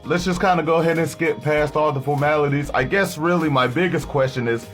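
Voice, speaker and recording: A man's voice: a little high, fairly quick, faint music behind, natural voice. A man voicing a brash, bossy armored genius who talks in a pushy, sarcastic way. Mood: impatient.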